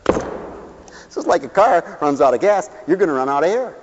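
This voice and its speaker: A man preaching a humorous sermon with animated, theatrical storytelling in a large hall. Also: fairly high pitch, normal speed. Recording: dull sound with long hall reverb.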